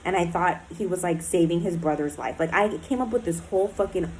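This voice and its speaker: A woman's voice: fairly low pitch, fairly quick, darkish tone, slight background noise, rough recording. A woman in a recovery program speaking in a candid personal diary talk, blunt and emotional, swearing often and filling her speech with "like" and "um".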